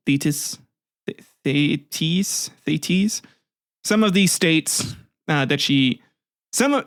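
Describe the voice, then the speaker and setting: A man's voice: fairly high pitch, no room sound, studio quality. A man hosting a casual history podcast, retelling myths with crude jokey asides and frequent laughs. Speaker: podcast host.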